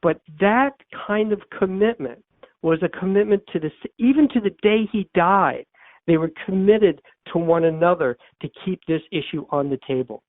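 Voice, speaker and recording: An older author and therapist speaks in a high-pitched voice at normal speed, earnestly telling a personal story in an interview and repeating phrases to drive them home. The audio is dry and tinny, as over a phone line.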